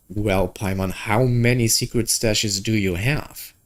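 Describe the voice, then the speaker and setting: A man's voice: fairly low pitch, steady tone, unhurried. A young man chatting casually and joking while playing a game, reading its dialogue aloud. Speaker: gaming video creator.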